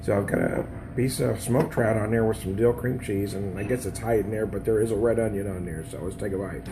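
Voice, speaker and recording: A man's voice: on the low side, fairly even intonation, fairly quick, noisy background. A man losing his voice, chatting folksily and rambling while reviewing beer and food outdoors, laughing often. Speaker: beer vlogger. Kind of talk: casual video review. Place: outdoors at a trout farm restaurant.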